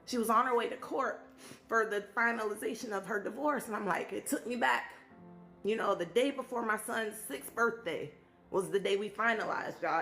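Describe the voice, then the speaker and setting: A woman's voice: medium pitch, a bit bright. A woman in her thirties hosts a casual live stream and sounds like she is testifying, emotional and talking directly to the people watching. Her voice carries a noticeable room echo. Faint music plays underneath. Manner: emotional, testimony-style, talks to viewers directly. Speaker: live stream host and speaker.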